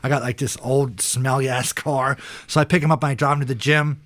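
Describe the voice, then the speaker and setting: Brief: male guest in his 40s, mid-pitched, rambling and profane, acts out voices in his stories, dry close mic. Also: fairly even intonation, brisk, fairly bright tone, dry recording. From Pennsylvania, USA. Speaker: podcast guest, retired kickboxer. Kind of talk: casual storytelling interview.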